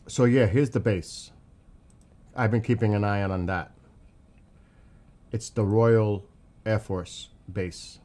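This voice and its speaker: New york guy with the accent, live streaming and talking over flight maps, keeps asking questions, kinda rambly and worked up. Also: on the low side. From New York City. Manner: excitable, rambling, thinks aloud with questions. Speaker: livestream host tracking flights. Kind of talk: casual live commentary reading chat.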